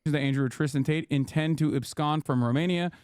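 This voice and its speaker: A man co-hosting a live stream, chatting sarcastically and reading news articles aloud quickly. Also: a little high, a little mellow, no echo, clean studio sound. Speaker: streamer co-host.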